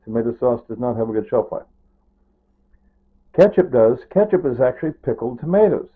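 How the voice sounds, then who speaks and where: A man's voice: mid-range voice, expressive, normal speed, slightly rough. An older man rambling through a casual vlog monologue, repeating himself and drifting toward grief. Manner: rambling, repetitive, grieving and near tears. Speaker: vlogger. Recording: tinny phone-like sound.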